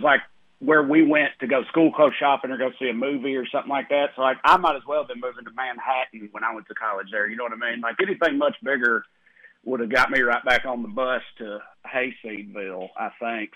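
A man with a Southern US accent talking as a guest, chatty and animated, with lots of "like". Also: mid-range voice, fairly quick, no echo. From Tennessee, US South. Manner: animated, chatty, heavy use of "like". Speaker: guest author. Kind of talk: casual chat. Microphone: phone line. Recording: tinny phone line.

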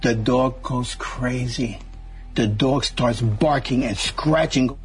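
A man telling a lively anecdote, acting out the quotes in the story. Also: medium pitch, slow, slightly rough. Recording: distant mic with faint music.

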